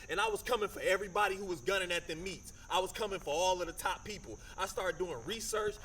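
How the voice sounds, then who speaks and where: High-voiced man telling a motivational story. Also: bright, forceful tone, slight background noise. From Michigan, USA. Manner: conversational, storytelling with acted quotes and slang. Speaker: motivational speaker.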